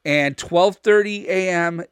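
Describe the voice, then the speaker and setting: A man's voice: high-pitched, slow, clean tone, no room sound. A man co-hosting a podcast in a casual, rambling way, laughing often as he wraps up. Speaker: podcast co-host and director.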